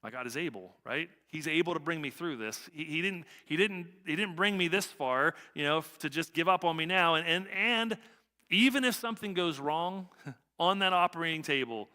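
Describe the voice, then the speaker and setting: Middle-aged male pastor, bright forceful tone, slightly high voice; conversational preaching in a ringing hall. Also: normal speed. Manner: conversational, repeats phrases, frequent "right?". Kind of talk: sermon with personal story. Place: church sanctuary. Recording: long church reverb.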